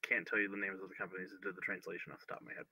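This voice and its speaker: Male co-host, fast and bright, answers chat directly. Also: sits low, level tone, breathy edge, no echo. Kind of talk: casual livestream chat.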